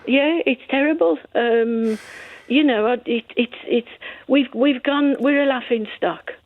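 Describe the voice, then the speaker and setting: A woman's voice: high-pitched, unhurried. Hesitant Birmingham woman on phone. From Smethwick, Birmingham, England. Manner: hesitant, lots of ums and restarts. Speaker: caller. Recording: tinny phone line.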